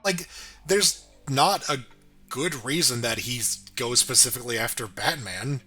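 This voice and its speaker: A man's voice: medium pitch, measured pace, pushed and bright, slightly rough, faint music behind. A man co-hosting a casual review chat, laid-back, laughing often and swearing casually. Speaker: podcast co-host reviewing a cartoon.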